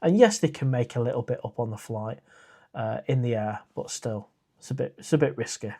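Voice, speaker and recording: A man's voice: mid-range voice, a little fast, dark tone, slightly rough. Chatty man hosting a live stream. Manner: chatty and rambling, with frequent "uh" and restarts. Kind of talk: casual live stream chat, reading viewer comments.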